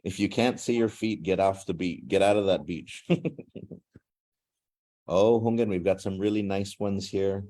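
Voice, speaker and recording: Deep-voiced man hosting a video call. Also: fairly even intonation, measured pace, pauses often, warm tone. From Guam. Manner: chatty, joking, switches between languages. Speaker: language class teacher and host.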